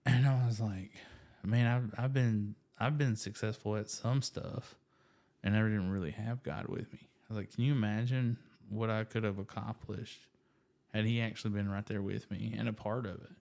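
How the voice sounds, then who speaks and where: Sharing his testimony of faith among friends, this guest speaks at a moderate pace in a fairly low, gravelly voice. The casual story comes out animated and self-deprecating, thick with filler words.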